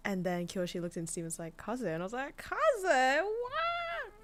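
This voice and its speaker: A woman's voice: on the low side, fast, darkish tone. A woman hosting a casual chat, reacting expressively and laughing often. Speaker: VTuber host.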